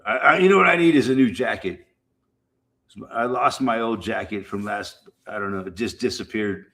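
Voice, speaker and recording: A middle-aged man with a fairly low voice rambles casually to his livestream viewers. He swears freely, circles back and repeats himself as he chats. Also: moderate pace, a bit bright. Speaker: livestream host.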